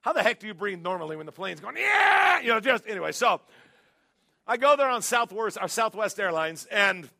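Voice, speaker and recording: Male preacher, high voice, gravelly, bright tone, animated storytelling sermon. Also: a little fast. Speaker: pastor.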